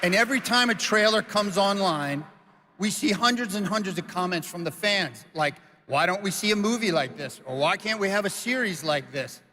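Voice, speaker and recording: A man's voice: sits high, expressive, moderate pace, bright, forceful tone. Emotional man presenting on a stage. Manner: emotional, choked up. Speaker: studio co-founder presenting on stage. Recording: long hall reverb on stage.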